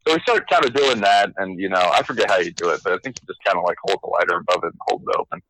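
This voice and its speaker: A man's voice: low voice, rapid-fire, fairly bright tone, no echo, poor audio. A young man telling a story on a casual podcast chat, swearing a lot and laughing as he goes. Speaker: podcast co-host.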